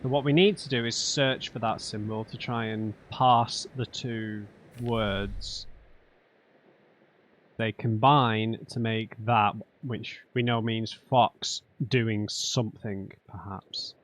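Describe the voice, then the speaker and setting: A man's voice: on the low side, steady tone, takes it slowly, a bit bright. A man doing let's play commentary, thinking aloud and muttering to himself while he works through a puzzle. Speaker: gamer.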